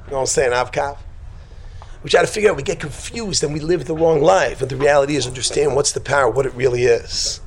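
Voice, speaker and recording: In a casual religious talk with some faint background noise, a male teacher speaks in a mid-range voice. He's jokey and digressive, laughing often, and later shifts into an emphatic preacher's tone.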